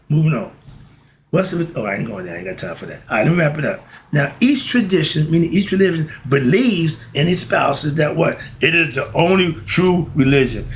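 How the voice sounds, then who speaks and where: Man, reading with ad-lib asides, gravelly, faint background noise. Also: a little high. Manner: animated, interrupts his own reading with asides and laughs. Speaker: host. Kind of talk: reading aloud with ad-lib commentary.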